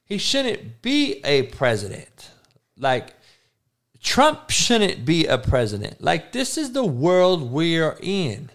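A man's voice: a little high, wildly swooping pitch, slow, a bit bright. A man in a crude, heated casual rant, swearing constantly.

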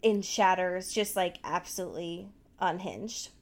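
Woman, casual podcast chat, unhurried delivery, swears and says "like" a lot. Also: fairly low pitch. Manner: animated storytelling with frequent swearing and "like" fillers. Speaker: podcast co-host recapping a TV show.

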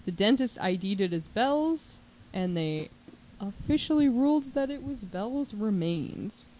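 Woman, podcast host, true crime storytelling, casual, chatty, animated. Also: medium pitch, measured pace, low-quality recording. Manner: chatty, animated, says "like" often, puts on voices for quotes.

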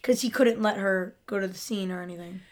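A young woman co-hosting a casual chat, relaxed and agreeable as she talks through a TV episode. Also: mid-range voice, fairly quick. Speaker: podcast co-host.

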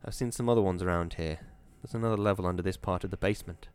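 Man reading as a cool young college guy, dry and understated, low voice. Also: very fast, a little mellow, smooth, lightly acted. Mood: calm. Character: cool, wry young male college worker.

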